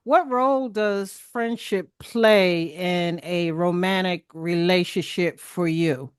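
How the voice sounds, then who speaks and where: A woman hosting an interview, listening attentively and asking questions slowly. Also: lowish voice, clear, resonant tone, dry recording, clean studio sound. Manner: slow, attentive, frequent backchannel. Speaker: podcast host. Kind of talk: casual interview talk.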